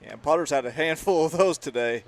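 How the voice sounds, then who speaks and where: A man's voice: a little high, a little fast. A man giving chatty, laughing color commentary on a live baseball game.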